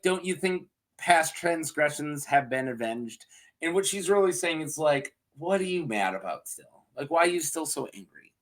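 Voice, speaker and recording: A man with a high, bright voice that swings widely in pitch, recapping a TV episode at an unhurried pace. He laughs often and jumps into quick character voices as he goes. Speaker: podcast reviewer. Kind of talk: casual scripted recap.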